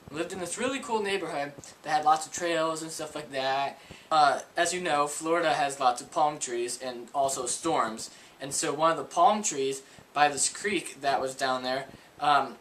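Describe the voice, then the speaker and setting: A man's voice: on the high side, a bit bright, a little hiss or hum, rough recording. A young man vlogging a childhood story to camera, rambling and full of "like" and "um.". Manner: rambling, filler-heavy with frequent "like".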